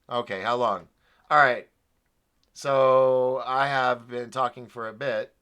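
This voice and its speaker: A man's voice: medium pitch, fairly even intonation, slow, long pauses, pushed and bright, smooth. A man hosting his own live show alone, rambling and apologetic as he vents his frustration to viewers. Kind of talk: solo live-stream talk.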